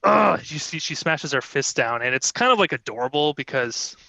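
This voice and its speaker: Lively, bright-voiced man running a game. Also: on the high side, normal speed, creaky, no echo, lo-fi sound. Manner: loose, chatty narration with fillers. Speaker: dungeon master. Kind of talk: narrating a tabletop game. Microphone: video call.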